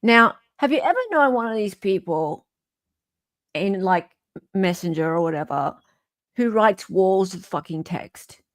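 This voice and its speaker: Unhurried Australian woman hosting. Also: mid-range voice, no echo, studio quality. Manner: chatty and animated, swears casually. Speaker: host. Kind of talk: casual commentary.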